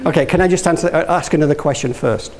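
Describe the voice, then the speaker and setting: A quick-paced Yorkshire man with a higher, darkish voice gives an anecdotal motivational talk as guest speaker, posing questions to listeners and frequently restarting sentences. There's some hiss or hum on a low-quality recording.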